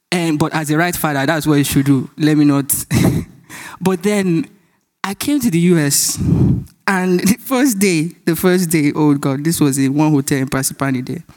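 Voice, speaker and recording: A man with a Nigerian accent preaching a sermon, telling stories, acting out dialogue and laughing often. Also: on the high side. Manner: animated storytelling, acts out dialogue, laughs often.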